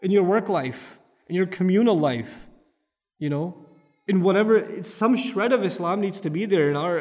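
A man's voice: high-pitched, darkish tone, in a large hall. A man preaching a sermon, firing off rhetorical questions and building to emphatic peaks. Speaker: Islamic preacher.

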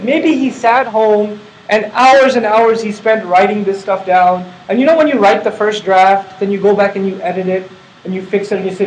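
High-voiced man teaching in an echoey room. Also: steady tone, moderate pace, slight background noise. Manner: conversational, asks the audience rhetorical questions. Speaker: Quran teacher. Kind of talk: explanatory religious lecture.

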